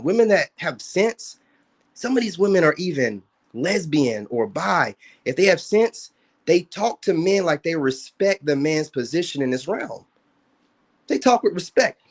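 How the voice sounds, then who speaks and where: A man in a blunt, confrontational rant to his online viewers, profane and repetitive. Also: a little high. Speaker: social media commentator. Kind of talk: ranting monologue to viewers.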